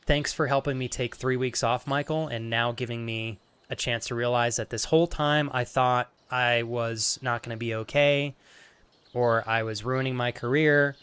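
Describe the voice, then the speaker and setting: Guy streamer holding back tears, halting, earnest, swears a lot, normal pitch. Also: steady tone, fairly bright tone, clear, resonant tone. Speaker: live streamer. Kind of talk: emotional talk to stream chat.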